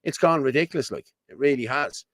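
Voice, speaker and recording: A man's voice: medium pitch, fairly quick, fairly bright tone, no room sound, studio quality. An Irish man hosting his own show, talking in a blunt, repetitive, colloquial ranting commentary. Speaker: host.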